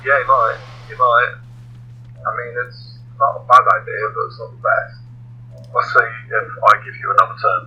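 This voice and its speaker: A man co-hosting a game stream, excitable and teasing, often swearing and laughing. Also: medium pitch, moderate pace, lo-fi sound, slight background noise. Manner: excitable, laughs, swears, teases his partner. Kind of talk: gaming banter.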